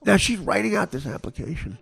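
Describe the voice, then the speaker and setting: A man hosting a comedy podcast, rambling through a story and cutting himself off mid-sentence. His voice is gravelly and a bit high. It swings animatedly up and down. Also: brisk. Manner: animated, rambling, self-interrupting. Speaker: podcast host.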